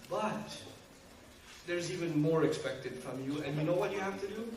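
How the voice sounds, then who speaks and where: A man with a high voice gives a lively talk to an audience, joking and acting out family scenes as he goes. He is recorded from a distance in a hall with heavy echo. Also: moderate pace, a little hiss or hum. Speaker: Islamic speaker. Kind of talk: lecture to an audience. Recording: echoey hall, speaker far from mic.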